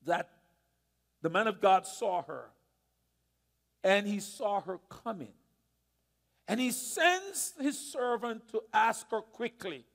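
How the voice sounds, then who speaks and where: High-voiced preacher in a reverberant church. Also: male voice, vocal fry. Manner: dramatic storytelling, swings from hushed to loud. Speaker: pastor. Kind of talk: sermon. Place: church sanctuary.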